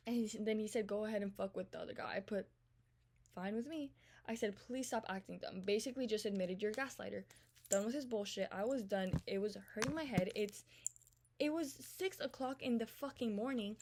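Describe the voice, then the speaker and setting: A woman's voice: mid-range voice, darkish tone, a little hiss or hum. Exasperated young woman ranting a storytime. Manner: rapid, profane, exasperated retelling of texts. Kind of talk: storytime vlog.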